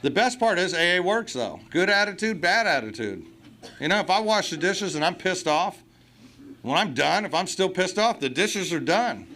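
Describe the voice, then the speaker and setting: A man's voice: high-pitched, lively intonation, moderate pace, pushed and bright, a little hiss or hum. A man speaking at a recovery meeting, telling blunt, profane, comic stories to a live crowd. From United States. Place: meeting hall before an audience.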